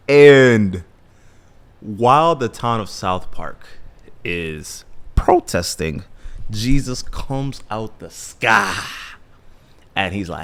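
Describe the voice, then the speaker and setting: A man's voice: fairly low pitch, animated, drawn-out words, creaky, long pauses. A young man giving a casual episode recap, rambling, self-correcting and slangy. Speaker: commentary vlogger.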